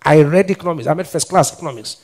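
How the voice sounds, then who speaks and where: Man, pastor's sermon, high voice, call-and-response, ringing church hall reverb. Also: rapid-fire. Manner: call-and-response questions to the congregation; forceful, shouted declarations.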